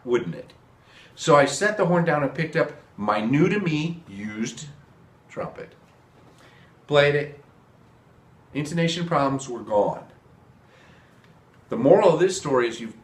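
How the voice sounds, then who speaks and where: A man's voice: mid-range voice, echoey room. A man giving a casual video lesson on trumpets, earnest and repeating key points for emphasis. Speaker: trumpet teacher.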